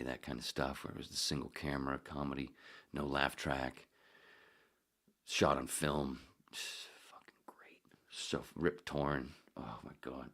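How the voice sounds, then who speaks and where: A man's voice: rumbling low, creaky. A man hosting a casual solo podcast, rambling and swearing freely, muttering asides to himself. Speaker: podcast host.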